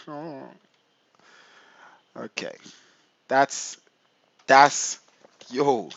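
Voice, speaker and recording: A man's voice: medium pitch, drawn-out words, vocal fry, pauses often, dry recording, dull audio. A man streaming a flight simulator, chatting casually to his viewers and muttering to himself as he works. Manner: excitable, mutters to himself while clicking through menus; chats to viewers. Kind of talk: casual live-stream commentary.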